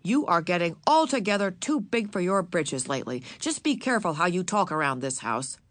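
A woman's voice: on the low side, very animated, brisk, a bit bright, no echo. A woman voicing a stern father who scolds his daughter sharply. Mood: scolding.

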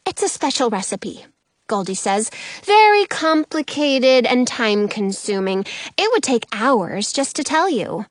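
A woman's voice: on the high side, big pitch swings, no echo, studio quality. A woman voicing a spirited girl who snaps back earnestly in a storybook reading. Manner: quick to snap back, earnest.

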